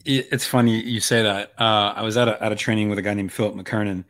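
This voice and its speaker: Male podcast host, deeper register, rapid easygoing delivery, conversational anecdotes. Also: little pitch movement, fairly bright tone. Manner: quick, conversational storytelling with frequent restarts. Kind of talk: casual interview conversation.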